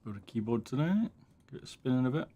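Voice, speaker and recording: A man streaming a keyboard build in a casual, relaxed way, muttering asides to himself and chatting to his cat between steps. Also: mid-range voice, quick pace. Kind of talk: casual livestream chat while building a keyboard.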